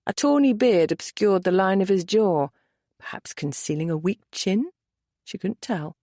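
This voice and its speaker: A woman narrating a romance novel audiobook with an expressive storytelling lilt. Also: mid-range voice, measured pace, no echo, clean studio sound.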